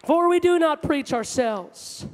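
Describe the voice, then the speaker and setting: A man preaching a sermon with passion, moving between loud outbursts and hushed asides, in a large church hall. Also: extremely high pitch, expressive, a little slow, some chatter behind. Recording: long hall reverb.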